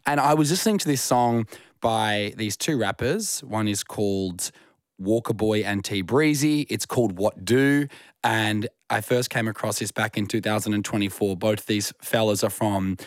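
A young adult man with an Australian accent, co-hosting a casual radio show and chatting in a relaxed, rambling way. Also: on the low side, moderate pace, dry recording, studio quality. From Western Australia. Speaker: radio host.

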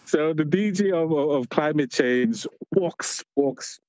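A man's voice: fairly high pitch, takes it slowly, darkish tone, no room sound. A man with a ni-Vanuatu accent, a radio correspondent chatting casually on a phone line, laid-back, laughing often and saying yo and bro. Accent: Pacific Islander, ni-Vanuatu.

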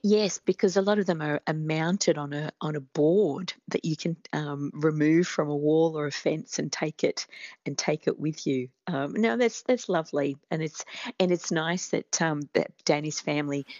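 A woman's voice: deep voice, moderate pace, a little mellow, dry recording, dull audio. A woman answering listeners' gardening questions on a radio talk show, practical and friendly, with frequent ums. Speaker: gardening expert guest. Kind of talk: radio talkback advice.

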